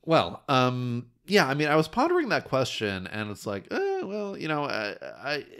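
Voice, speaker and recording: A man co-hosting a casual podcast chat, talking in halting bursts with many restarts and fillers, and laughing often. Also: medium pitch, sing-song, fairly bright tone, smooth. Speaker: podcast co-host.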